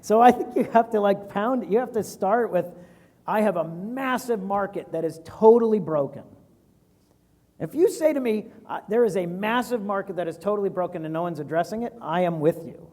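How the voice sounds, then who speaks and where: A man's voice: sits high, expressive, normal speed, darkish tone, big-room sound. A man in his forties, a venture capitalist giving casual advice in a fireside chat and acting out quoted voices.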